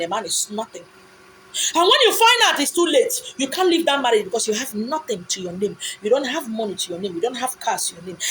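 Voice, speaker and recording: A woman with a Nigerian accent, speaking in a fairly high voice. She lectures with impassioned, insistent repetition and answers her own rhetorical questions. A faint background hiss sits under the voice. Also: fairly bright tone, rough recording. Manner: repetitive, insistent phrasing with pidgin asides. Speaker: speaker giving a monologue. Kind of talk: impassioned monologue.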